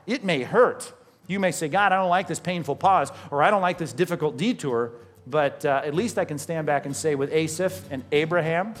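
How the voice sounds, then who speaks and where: Animated high-voiced male preacher. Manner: animated preaching, lively and emphatic. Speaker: pastor. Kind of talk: sermon.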